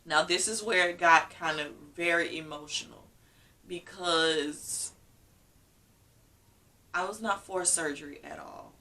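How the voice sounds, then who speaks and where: A woman vlogger tells a personal story candidly, her feelings close to the surface as she acts out what was said to her. Her voice is bright and forward. She sits a little back from the mic. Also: fairly low pitch, unhurried, pauses often, distant mic. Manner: candid, emotional storytelling with acted-out quotes.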